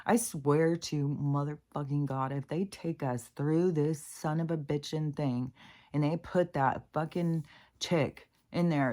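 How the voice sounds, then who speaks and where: Her voice sits low and a little mellow as this spiritual vlogger rambles casually to her audience. She's blunt, curses without hesitation, and rants now and then.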